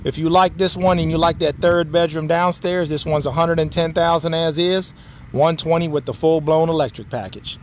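Male pitchman, walking a cabin on a live stream, big whoops and catchphrases, a touch high-pitched. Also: steady tone, moderate pace, a little hiss or hum. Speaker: cabin salesman and livestream host. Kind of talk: live-streamed sales walkthrough. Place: indoors, walking through a wooden cabin.

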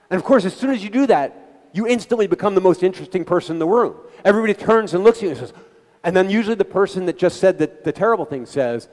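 A man's voice: sits high, lively intonation, fast talker, darkish tone. Earnest man speaking in a reverberant hall. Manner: earnest, conversational, addresses the audience directly. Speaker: guest speaker. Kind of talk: talk at a community gathering.

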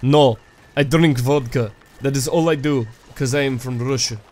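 A man doing a loud mock-Russian tough guy. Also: medium pitch, steady tone, normal speed, close to an everyday voice. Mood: mock boastful. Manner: loud, blunt, mock-heavy delivery.

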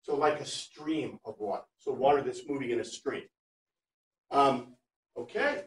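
A man teaching a Bible class, chatty and animated, reading Greek phrases word by word for his students. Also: mid-range voice, fairly quick. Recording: echoey room, far from mic.

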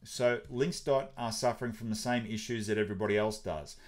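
A man hosts an informal crypto update video, his voice sitting on the low side. He talks casually and hesitantly, filling pauses with fillers and restarting his sentences as he goes. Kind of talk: casual explainer commentary.

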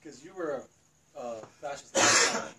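A man's voice: medium pitch, normal speed, sharp tone, slight background noise. A man at a board game, giggly and swearing, distrusting the others. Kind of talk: casual banter at a game table. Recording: distant mic with crowd chatter.

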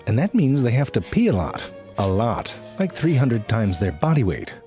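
A man giving scripted comedic narration about animals, with wry deadpan asides. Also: mid-range voice, moderate pace, soft background music. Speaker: narrator of a comedic nature video.

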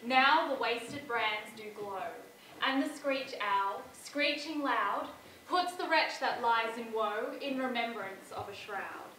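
An actress playing the mischievous fairy Puck on stage, speaking verse slowly and deliberately. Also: female voice, a little high, bright, forceful tone, a little hiss or hum. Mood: eerie. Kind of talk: stage play performance. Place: theatre stage. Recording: roomy stage sound from far off.

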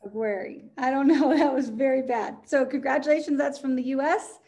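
A woman's voice: high-pitched, steady tone, normal speed, a little mellow. A woman on a coaching conference call, cheerfully reading a list of names and sometimes stumbling over them. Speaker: co-host reading recognitions.

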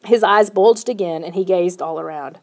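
A woman narrating a first-person children's novel in a steady storytelling manner. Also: fairly low pitch, moderate pace. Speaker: audiobook narrator.

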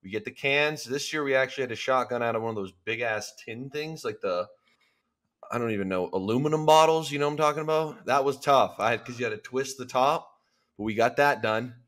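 A man's voice: mid-range voice, brisk, fairly bright tone. A man from Canada hosting a podcast, bantering in a laid-back, joking way. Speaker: podcast host. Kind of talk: casual chat.

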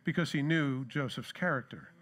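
A man's voice: mid-range voice, normal speed, a bit bright. A middle-aged man giving a conversational sermon as pastor, asking the congregation rhetorical questions and telling anecdotes.

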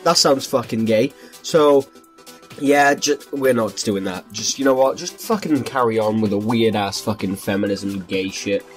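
A man's voice: fairly low pitch, measured pace. A man doing profane reaction commentary as a vlogger, ranting and incredulous with heavy swearing. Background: faint background music.

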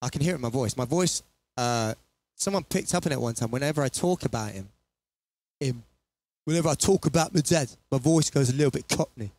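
A man's voice: medium pitch, expressive, a little fast, a little mellow, dry recording. A man chatting casually and rambling between songs as he performs for an online audience from his small home studio. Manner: rambling, chatty, laughs at himself.

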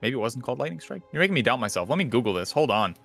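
Male podcast host, bright voice, rambling casual gamer chat, faint music under. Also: mid-range voice, very fast, vocal fry. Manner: rambling, animated, swears casually. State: out of breath.

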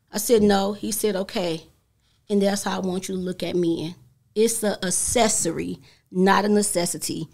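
Woman, lively storyteller, acts out quoted voices, talk show guest. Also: mid-range voice, moderate pace. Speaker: guest entrepreneur. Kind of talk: casual talk show conversation.

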